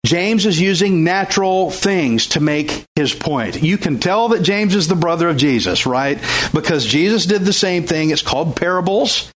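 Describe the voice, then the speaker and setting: High-voiced emphatic male preacher. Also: lively intonation, normal speed, a bit bright. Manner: emphatic, exhorting, rhetorical questions. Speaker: pastor. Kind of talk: sermon.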